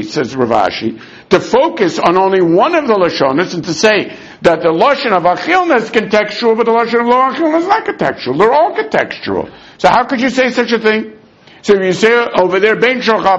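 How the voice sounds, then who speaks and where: Animated husky man teaching Talmud. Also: sits high. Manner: animated, argumentative, mixes Aramaic terms and stammered restarts. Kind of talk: Talmud lesson. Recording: dull lo-fi recording.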